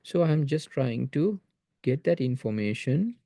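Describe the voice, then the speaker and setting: A man's voice: medium pitch, expressive, measured pace, warm tone, no room sound, studio quality. Patient man giving a math lecture. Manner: patient, explanatory, repeats phrases to stress points. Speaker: math teacher. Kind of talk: recorded video lecture.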